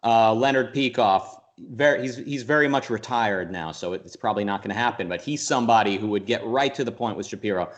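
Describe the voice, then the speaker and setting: A man's voice: lowish voice, a little fast, hardly any pauses, muffled recording. Man talking animatedly with many restarts. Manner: rambling, animated, with many restarts and mock voices. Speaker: interview guest. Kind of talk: casual conversational interview.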